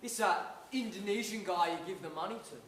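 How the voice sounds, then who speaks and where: A man's voice: high voice, brisk, fairly bright tone, a little hiss or hum. A young man plays an anxious drug mule who keeps questioning. He sounds agitated and fed up. The voice rings in a very echoey stage room, far from the mic. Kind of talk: stage acting.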